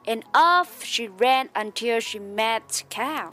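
Slow, animated woman reading a storybook. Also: on the high side, soft background music. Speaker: mother reading to her child. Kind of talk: reading a picture book aloud.

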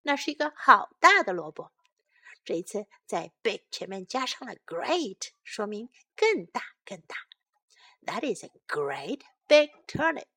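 Her pitch is medium, and her delivery has a lively storybook feel. She reads a children's story aloud in two languages, slowly and clearly repeating phrases to teach English to learners.

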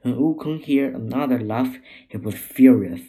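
A man reading a story aloud to children in a gentle, measured way. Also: medium pitch, rough recording. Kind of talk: scripted narration.

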